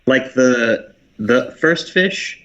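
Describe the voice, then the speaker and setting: A man's voice: mid-range voice, expressive, very slow, a bit bright. A man on a podcast, chatting about a film and dropping dry jokey asides. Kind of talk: casual movie chat. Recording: dull lo-fi podcast audio.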